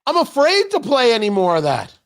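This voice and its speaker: A man's voice: very high voice, huge pitch swings, brisk, gravelly. A man hosting a political talk show from a studio, talking in an indignant, mocking and emphatic way. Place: radio studio.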